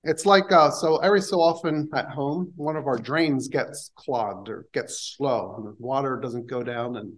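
A man preaching a sermon in a church, talking through scripture in a conversational way with pauses and restarts. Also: mid-range voice, low-quality recording. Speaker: pastor.

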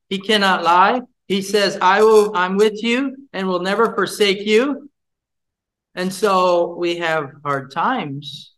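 A man's voice: high voice, fairly bright tone, low-quality recording. A man leading a Bible study, teaching from scripture, repeating his points and putting questions to the group.

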